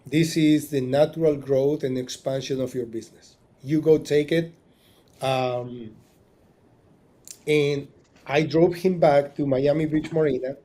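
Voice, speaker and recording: A man's voice: fairly high pitch, fairly even intonation, unhurried, mellow. A man who is a marina business owner, telling his story as a podcast guest, acting out quoted dialogue, getting emotional along the way, and often restarting his sentences. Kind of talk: storytelling in a casual interview.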